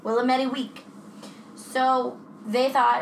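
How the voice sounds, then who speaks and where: A woman's voice: fairly high pitch, moderate pace, creaky, a bit bright. A woman co-hosting a podcast in a casual, chatty way, swearing freely. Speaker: podcast co-host. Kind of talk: casual true-crime chat. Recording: echoey room with faint noise.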